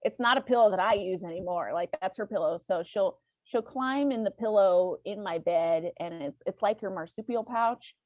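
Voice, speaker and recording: A woman guest on a podcast, telling stories in a lively, casual way and acting out little voices. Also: medium pitch, moderate pace, few pauses, dry recording, highs cut off. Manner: animated, acts out voices and laughs while telling stories. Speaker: podcast guest, band's lead singer. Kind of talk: casual storytelling chat.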